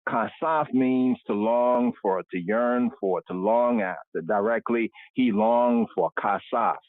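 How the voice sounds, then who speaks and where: A man's voice: mid-range voice, no room sound. A man teaching a livestreamed scripture study, unpacking Hebrew words and tagging nearly every phrase with "right?". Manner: explains Hebrew words slowly, with constant "right?" checks. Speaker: Bible teacher. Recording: dry, phone-like narrow sound.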